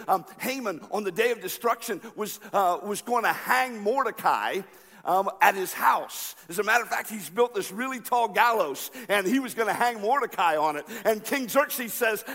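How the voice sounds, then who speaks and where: A man preaching a sermon, telling a story with lively acted-out voices. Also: sits high, in a large hall. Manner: animated storytelling, acting out characters. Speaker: pastor.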